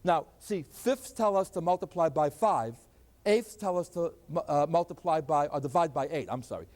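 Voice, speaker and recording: Older male math lecturer, high voice, answers his own questions, long hall reverb. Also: moderate pace, darkish tone. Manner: asks questions and answers them himself.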